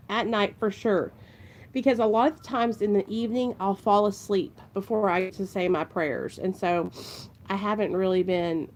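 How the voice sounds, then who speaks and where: A young woman from Ohio vlogs to her viewers with a medium-pitched, somewhat dark voice. She rambles earnestly and emotionally, calling her audience "you guys" in a casual, heartfelt chat to camera.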